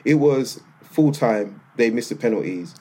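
A man co-hosting a podcast, telling stories in a lively, slangy, casual way. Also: medium pitch, unhurried. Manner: animated storytelling with slang. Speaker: podcast co-host. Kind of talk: casual chat.

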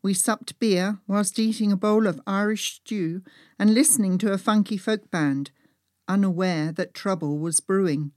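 A woman's voice: medium pitch, no room sound, studio quality. A woman narrating a first-person story as an audiobook, reading dramatically and dropping to a whisper in tense moments.

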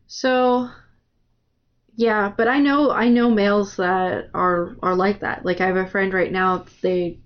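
A woman's voice: mid-range voice, steady tone, slow pace. A woman co-hosting a casual book-club podcast, chatty and agreeable. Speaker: podcast co-host. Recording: dull lo-fi sound.

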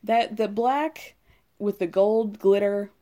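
A woman's voice: mid-range voice, fairly even intonation, slow pace, dark tone. A woman hosting a casual recap podcast, talking in a sassy, wry way with frequent asides. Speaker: podcast host recapping reality TV.

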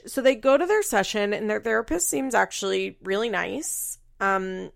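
A woman's voice: medium pitch, moderate pace, creaky, few pauses, dry recording, clean studio sound. A woman chatting casually as she recaps a reality show, laughing often and saying "like" a lot. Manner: chatty, laughing, heavy use of "like".

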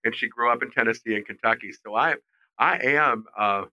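A middle-aged man, a fashion designer, telling animated stories as a guest in a podcast interview. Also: mid-range voice, moderate pace, no room sound, dull audio. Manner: animated, expressive storyteller. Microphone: remote call mic.

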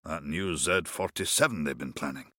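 A man's voice: very deep voice, normal speed, bright, forceful tone, no room sound, studio quality, exaggerated voice. A man voicing an uneasy, doubtful male space officer. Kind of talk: audiobook narration.

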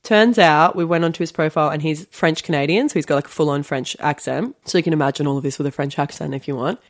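Lively young woman telling a story on a podcast. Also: sits low, fast. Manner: animated, lots of "like" fillers, laughs often. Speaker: podcast co-host. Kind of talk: casual storytelling chat.

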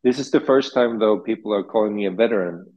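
A man with a Swedish accent answering interview questions in a relaxed, hesitant way. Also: fairly low pitch, fast talker, muffled recording. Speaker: guest artist.

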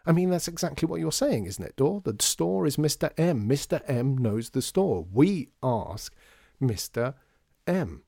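A man's voice: fairly high pitch, big pitch swings, measured pace, vocal fry, dark tone, dry recording, studio quality, voice pushed up, heavily acted. A man doing John, an eager thinking man.

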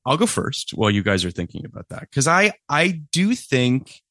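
A man's voice: mid-range voice, big pitch swings, normal speed, sharp tone, no room sound. A man hosting a casual podcast chat, talking in a rambling, hesitant way and laughing often. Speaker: podcast host.

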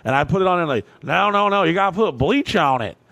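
A man from Kentucky hosting a podcast, telling a story in a profane, animated way, full of "like" fillers. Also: sits high, quick pace, no echo. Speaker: podcast host. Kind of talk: casual storytelling.

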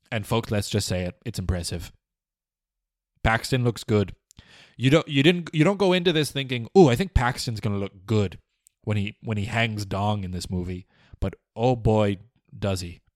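A man's voice: on the low side, dry recording, studio quality. Pompous rambling male podcast host. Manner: pompous, rambling, mock-serious; stammering restarts. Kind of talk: comedic film-review monologue. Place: small studio.

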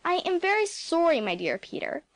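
A woman's voice: extremely high pitch, sing-song, normal speed, a bit bright, dry recording, pitched above the performer's own voice, heavily acted. A woman voicing a grave, reproachful old country doctor who speaks seriously and impressively.

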